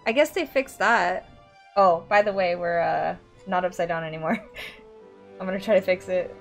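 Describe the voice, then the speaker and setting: An Australian woman streams a platform game over game music, chatting casually in a fairly low voice at normal speed. She's excitable, yelping and laughing at the game as she plays live.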